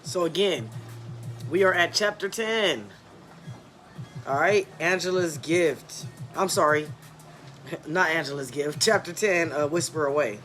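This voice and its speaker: A man's voice: on the high side, a little slow, pauses often, fairly bright tone, faint music behind. A man casually reading his own novel aloud to an online audience, chatting with listeners and calling them y'all.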